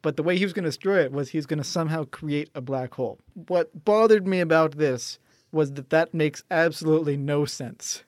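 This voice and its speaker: A man's voice: on the high side, fairly quick, no room sound, studio quality. A man co-hosting a podcast in casual chat, picking apart details analytically and laughing now and then. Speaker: podcast co-host.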